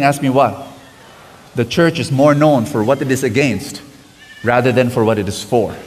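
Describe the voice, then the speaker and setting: A man's voice: mid-range voice, slight background noise. Man preaching in a reverberant hall. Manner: calls out to the audience for responses. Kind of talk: sermon. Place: large hall before a congregation. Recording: long hall reverb with guitar music behind.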